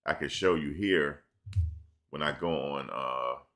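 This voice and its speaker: A man talks loosely into his streaming camera, with a very low voice. His tone is bright and forceful as he rambles through slangy stories and answers viewers' questions. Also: slow. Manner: loose, rambling storytelling with slang, reads chat questions aloud. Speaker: live-stream commentator. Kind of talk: casual live-stream chat. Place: at home in front of a camera.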